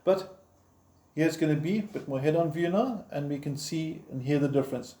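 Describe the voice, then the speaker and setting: Informal male guitar teacher, dark and mellow tone, slightly high voice, counts beats aloud, roomy echo. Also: normal speed. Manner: encouraging, informal. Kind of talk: step-by-step instruction. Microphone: camera framing the guitar.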